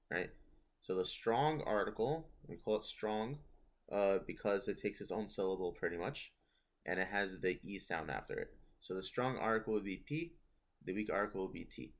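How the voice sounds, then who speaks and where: A man teaching a casual online grammar lesson, explaining step by step and correcting himself as he goes. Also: lowish voice. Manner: explains step by step, self-correcting, thinking aloud. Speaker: language teacher.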